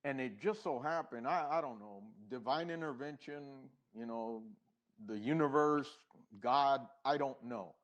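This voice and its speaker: A middle-aged man, a podcast guest, telling his own story in an unhurried, reflective way, with pauses and restarts, and acting out the past conversations. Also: mid-range voice. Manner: acts out past dialogue.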